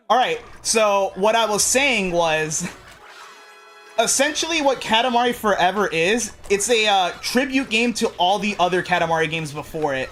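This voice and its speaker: A let's play streamer chats casually while gaming, rambling along and constantly restarting and correcting themselves. The mid-range voice is expressive and fairly bright, at a moderate pace, with faint music in the background.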